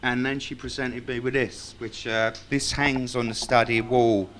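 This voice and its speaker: A man's voice: medium pitch, little pitch movement, measured pace, fairly bright tone, a little hiss or hum. A man speaking at a tribute evening, reciting a tribute poem and telling wry, self-mocking anecdotes to a live audience. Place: club function room with live audience.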